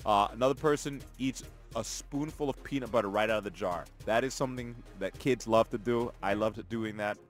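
A man's voice: lowish voice, brisk, few pauses, soft background music. A man hosting a morning radio show in a studio, chatting casually and reading out listener texts. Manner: relaxed, reads out listener texts, chuckles often.

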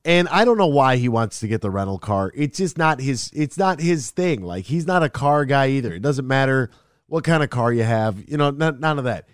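A man on a casual radio chat, telling lively stories and acting out both sides of conversations. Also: mid-range voice, moderate pace, smooth, dry recording, studio quality. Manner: lively storyteller, acts out exchanges.

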